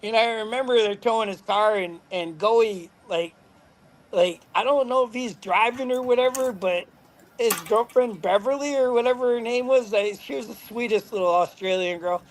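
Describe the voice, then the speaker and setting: A middle-aged man with a high-pitched voice tells loose, rambling stories. He swears casually and keeps breaking into laughter at his own tales. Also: normal speed, slight background noise. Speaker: podcast guest, former motorcycle racer. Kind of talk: casual storytelling.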